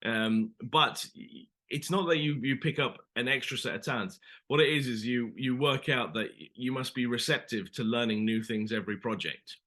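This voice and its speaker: A man's voice: medium pitch, moderate pace, a bit bright. A man, an actor, chatting casually as an interview guest, rambling with lots of "you know" and "sort of".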